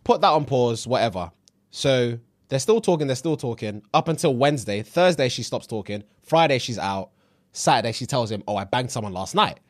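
A man's voice: medium pitch, lively intonation, normal speed. A young man co-hosting a chat show, recapping a story with wry asides in casual banter.

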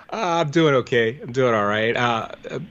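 A man's voice: medium pitch, a bit bright. An older man from the Pittsburgh area, rambling through memories in a casual podcast chat. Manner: reminiscing, rambling storyteller. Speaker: guest. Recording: dull lo-fi audio.

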